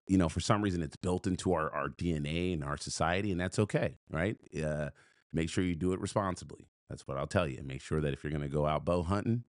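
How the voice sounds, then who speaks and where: A man's voice: low-pitched, dry recording, studio quality. A man telling a story on a podcast in an emphatic, punchy way, repeating phrases and restarting.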